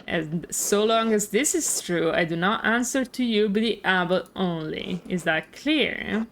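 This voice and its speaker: A woman's voice: mid-range voice, unhurried, slight background noise, natural voice. A stern proud old monk, as a woman reads him out. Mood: haughty. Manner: haughty, reproachful. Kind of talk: reading game dialogue aloud.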